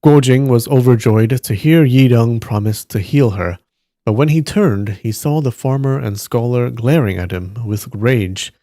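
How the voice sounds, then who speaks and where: A man on a live stream reading a novel aloud at a steady pace, stopping now and then to react to the story. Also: medium pitch, a little slow, dry recording, clean studio sound.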